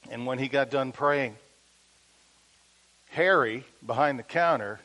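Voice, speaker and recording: A man preaching, telling a story in an animated way that drops to a hush at tender moments. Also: mid-range voice, slow, poor audio. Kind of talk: sermon storytelling.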